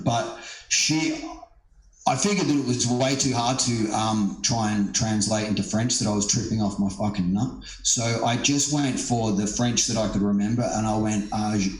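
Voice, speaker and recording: A middle-aged man, a stand-up comedian, telling a story in a casual, rambling way, with lots of swearing, fillers and restarts. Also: lowish voice. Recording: roomy echo.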